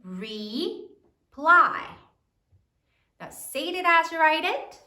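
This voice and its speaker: A woman teaches a third grade spelling lesson, sounding out words letter by letter in a sing-song way. Her voice is very high-pitched, very slow, pushed and bright. She's far from the mic in an echoey room.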